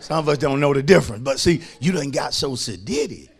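A male pastor preaching a sermon in church, swinging from soft asides to shouting and calling on the congregation to respond. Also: mid-range voice, expressive, fairly quick, gravelly. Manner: colloquial, calls on the congregation to respond.

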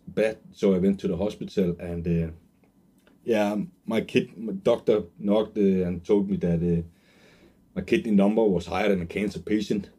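A man in his twenties telling an earnest, emotional personal story as a sales pitch, with many fillers and restarts. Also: mellow, slightly rough. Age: 20s. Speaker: online marketer pitching a course.

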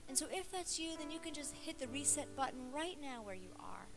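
A woman preaching at a women's conference, animated and jokey, swinging from loud to hushed. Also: high voice, a little fast, music in the background. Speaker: conference speaker. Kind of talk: sermon.

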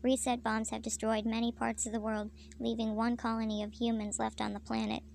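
A woman reading a parody fanfiction aloud in a deadpan, flat way. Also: a little high, brisk, vocal fry, slight background noise. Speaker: fanfiction reader.

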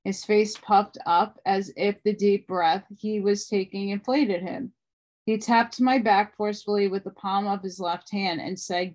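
A woman reading a book aloud at a steady pace, with small restarts along the way. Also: medium pitch, unhurried. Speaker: audiobook reader.

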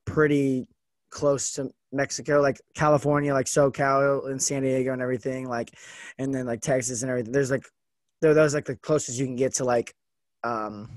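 A man's voice: mid-range voice, flat delivery, fairly quick, no echo. An American man hosting a podcast, asking questions in a casual, rambling way with many fillers. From United States. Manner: rambling, filler-heavy, curious. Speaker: podcast host. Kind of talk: casual conversation.

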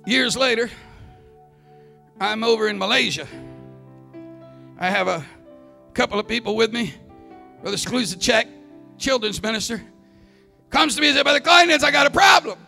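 A man preaching a Pentecostal sermon as a visiting evangelist, telling stories and rising into shouted climaxes. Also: very high voice, lively intonation, normal speed, gravelly, long pauses. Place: church sanctuary. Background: soft organ music.

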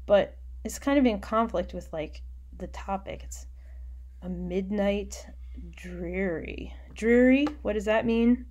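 A woman teaching a recorded poetry lesson at an unhurried, deliberate pace. She explains step by step and drops into quiet muttered asides while annotating on screen. Her voice sits at an ordinary middle pitch.

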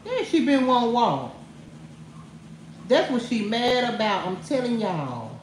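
A woman's voice: a little high, very animated, takes it slowly, slight background noise. A woman hosting a livestream, mocking someone and laughing as she talks straight to her viewers. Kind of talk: trash-talking livestream rant. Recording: echoey room.

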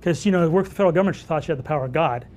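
A man teaching wildlife photography at a live workshop, telling stories and answering audience questions in an animated way. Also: fairly high pitch, rapid-fire. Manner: animated storyteller who acts out dialogue.

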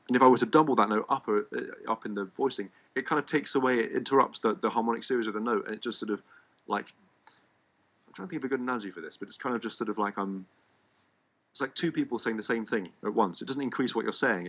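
A man's voice: on the low side, a bit bright. An English man with a cold, teaching an online music lesson in a rambling, playful way with frequent ums. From England. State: has a cold.

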